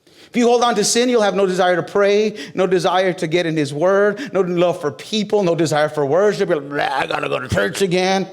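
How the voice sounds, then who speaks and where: A man preaching a sermon in a fairly high voice. He talks to the congregation like he is chatting with them, asks them questions and cracks jokes. Then he builds up to loud, soaring peaks. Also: a little fast. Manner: conversational with humor and direct questions to the crowd. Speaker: pastor.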